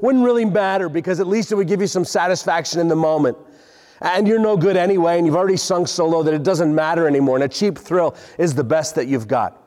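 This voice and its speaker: A pastor in his forties preaches an earnest sermon to a congregation in a large hall, often repeating words as he builds his points. His voice is high and a little mellow, and the recording carries a long hall reverb.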